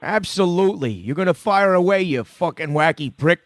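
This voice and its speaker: A man, hosting a comedy podcast and telling crude, rambling stories with a gruff, profane manner. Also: high-pitched, expressive, moderate pace, no echo, clean studio sound. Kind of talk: crude casual storytelling.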